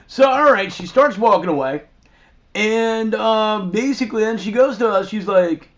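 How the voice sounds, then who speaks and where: A man hosting and telling a rambling, profane, animated anecdote in a crude comic style. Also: high-pitched, normal speed. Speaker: host. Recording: dull lo-fi recording.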